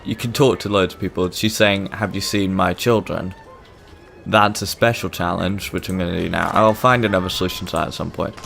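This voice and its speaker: A young man with a lowish, gravelly voice talks through his gameplay in a chatty, self-mocking way. Faint game music sits under his commentary. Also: fairly even intonation, fast talker, few pauses, fairly bright tone. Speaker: gaming channel host. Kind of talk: let's-play commentary.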